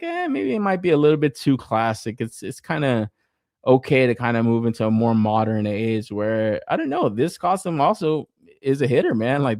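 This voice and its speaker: Male podcast co-host, lively pitch, dry close sound, profane and animated. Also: dry recording. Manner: profane, animated, laughs often. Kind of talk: casual toy review chat.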